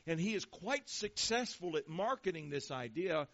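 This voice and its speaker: A man preaching a sermon to a congregation, reading scripture slowly and with stress on each phrase. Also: a little high, big pitch swings, a bit bright. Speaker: pastor. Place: church before a congregation. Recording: dull lo-fi sound.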